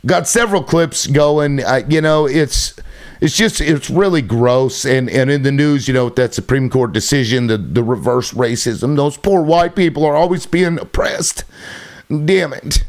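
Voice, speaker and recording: A man's voice: mid-range voice, a little slow. A man hosting a livestream, ranting with heavy swearing and sarcasm, irritated. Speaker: livestream host. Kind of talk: profane livestream rant.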